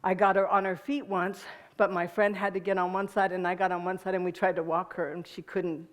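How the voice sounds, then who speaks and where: A woman's voice: on the low side, little pitch movement, a little fast. A woman giving a personal storytelling talk to an audience, laughing often and talking to listeners in a conversational way. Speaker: guest speaker.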